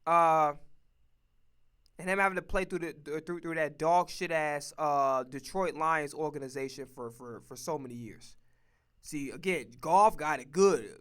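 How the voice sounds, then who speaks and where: High, bright-voiced profane sports ranter. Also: male voice, unhurried, clean tone. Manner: profane, emphatic, repetitive. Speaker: streamer and sports commentator. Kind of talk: casual sports opinion rant.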